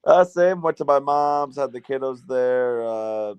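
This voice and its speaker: A man in his thirties, co-hosting a sports podcast, telling stories in a casual, animated way and jumping up in pitch as he acts out scenes. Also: unhurried, smooth, no echo. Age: 30s. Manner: animated storyteller, voice jumps up when acting out scenes. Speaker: podcast co-host. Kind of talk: casual chat.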